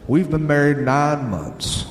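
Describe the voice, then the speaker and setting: A man with a Southern American accent, a radio host reading listener letters aloud in an unhurried storytelling way. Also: fairly high pitch, animated, noisy background. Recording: roomy sound with long reverb and bluegrass music behind.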